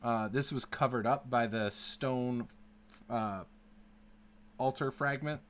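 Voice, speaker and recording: A man narrating a tabletop game as game master, halting with many fillers. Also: medium pitch, fairly bright tone, a little hiss or hum. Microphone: online call.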